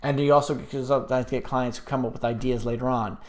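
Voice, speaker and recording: A man's voice: medium pitch, fairly even intonation, fairly quick, darkish tone. A man hosting a live stream, chatting casually and reading viewer comments aloud, rambling with many fillers and restarts.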